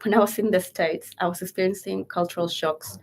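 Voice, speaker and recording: A young Chilean woman speaking English with a Spanish accent, her pitch a touch on the low side. She chats easily as an interview guest, laughing often and filling pauses with lots of ums. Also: fairly even intonation. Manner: chatty, laughs often, many fillers. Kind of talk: casual interview chat.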